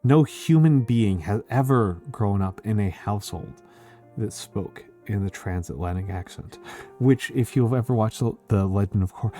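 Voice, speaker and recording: A man's voice: on the low side, animated, normal speed, mellow, soft background music. Rambling man lecturing at a hangout. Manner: rambling lecture-like explaining with jokey asides. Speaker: streamer and host. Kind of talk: casual group chat on a stream.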